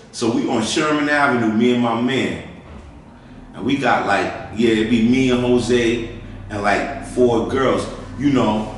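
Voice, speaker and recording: A man tells a rough, animated story, backtracking and correcting himself as he goes. His voice sits at a middle pitch and echoes heavily around the room, picked up from a distance with a little faint noise. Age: 50s. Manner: profane, animated storytelling with restarts. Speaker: interviewee. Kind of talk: storytelling in an interview.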